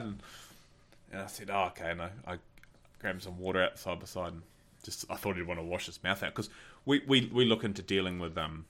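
Deep-voiced podcast host. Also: male voice, brisk, fairly bright tone. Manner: rambling anecdotes with frequent laughter. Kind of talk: casual chat.

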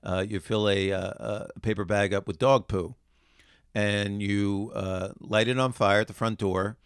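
In a relaxed podcast chat, a male co-host explains things casually, relying heavily on fillers. His smooth, fairly low voice keeps a steady tone at a slightly slow pace. The recording is close and dry, with no echo or room sound.

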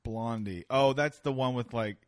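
A man's voice: medium pitch, normal speed, no echo. A man hosting a podcast in casual comedic chat, joking, swearing and rambling. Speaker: podcast host.

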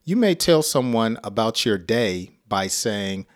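An American man teaching an English lesson, speaking slowly and deliberately with light chuckles. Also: on the low side, lively intonation. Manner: slow, deliberate and clearly spoken, with light chuckles.

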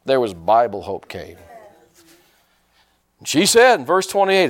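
Animated preaching man with a lively voice. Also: medium pitch, slow pace, long pauses. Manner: animated preaching with call-and-response questions to the congregation. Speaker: pastor. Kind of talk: sermon. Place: church sanctuary.

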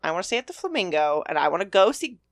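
A woman chatting as a podcast guest, blunt and quick to swear, laughing often. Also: lowish voice, sing-song, no room sound, studio quality. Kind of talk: casual chat.

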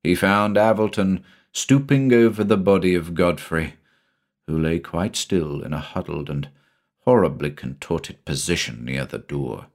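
A man with a deep, low voice narrates a horror story. His reading is dramatic and expressive, rising and falling widely to build dread. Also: a little slow. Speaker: audiobook narrator. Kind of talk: scripted narration.

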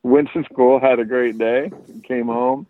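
A man's voice: medium pitch, unhurried. Man on a tinny line. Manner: animated storyteller, acts out quotes. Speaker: podcast guest. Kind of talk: casual podcast chat. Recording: tinny phone-like line, dry.

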